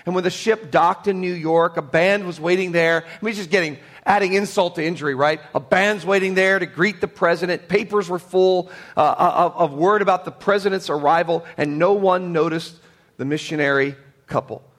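A male pastor preaching a sermon. He is emphatic and swings from loud, high declarations to hushed, low tones. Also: fairly quick.

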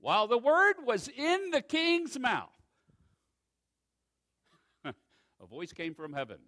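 A man preaching a sermon in an animated, wry way, swinging between loud emphasis and hushed asides. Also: very high voice, slow pace. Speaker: pastor.

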